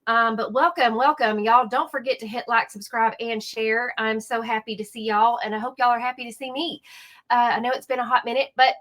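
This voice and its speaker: A woman with a slightly high voice speaks briskly as the host of a casual YouTube reaction commentary channel. Chatty and animated, she talks straight to her viewers.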